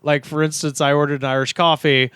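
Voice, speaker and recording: High-voiced man telling stories. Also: a little fast, clear, resonant tone, no echo. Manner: animated storyteller, swears, mimics people in high voices. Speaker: podcast co-host. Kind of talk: casual comedy chat.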